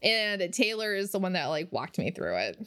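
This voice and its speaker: Young woman, casual podcast chat, filler-heavy, animated pitch, dry sound. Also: moderate pace, no echo. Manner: chatty, says "like" a lot, laughs often. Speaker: podcast co-host.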